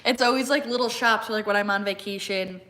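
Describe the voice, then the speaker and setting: She's a young fitness content creator snacking on a live stream, casually reading viewer comments and filling her speech with "like." Her mid-range voice has a sharp tone and a quick pace.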